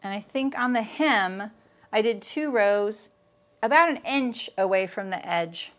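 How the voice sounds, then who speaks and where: A woman's voice: medium pitch, animated, a little slow, a bit bright. A middle-aged woman teaching a live sewing demonstration, chatting and answering viewer comments as she works. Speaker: sewing instructor.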